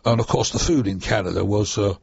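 A man's voice: lowish voice, quick pace, creaky, a little mellow, husky, no room sound. An older man, chattily reminiscing in an oral history interview with rambling asides, on a dull lo-fi dry recording. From United Kingdom. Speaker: interviewee, former RAF trainee pilot.

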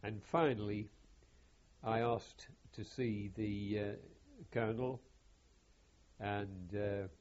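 An older man, recalling his wartime service in an oral history interview in a halting, measured way with wry self-deprecation, on a dull lo-fi recording. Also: on the low side, fairly even intonation, darkish tone. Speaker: veteran interviewee.

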